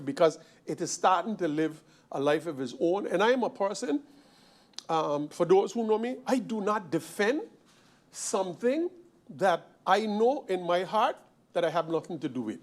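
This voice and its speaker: A man from Sint Maarten delivers a parliamentary speech in a high-pitched voice. He hammers his points home, repeating phrases and firing off rhetorical questions in the chamber. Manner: emphatic, repetitive, forceful rhetorical questions. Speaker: member of parliament.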